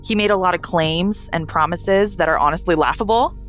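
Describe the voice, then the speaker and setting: Low-voiced young woman, blunt and candid. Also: a little fast, faint music behind. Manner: blunt, frank, swears freely. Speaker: guest telling her own story. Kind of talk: candid first-person storytelling.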